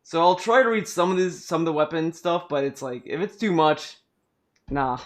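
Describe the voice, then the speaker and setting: A man's voice: on the high side, normal speed, fairly bright tone. A man hosting a casual podcast, chatting about games in a rambling way full of fillers and restarts. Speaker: podcast host.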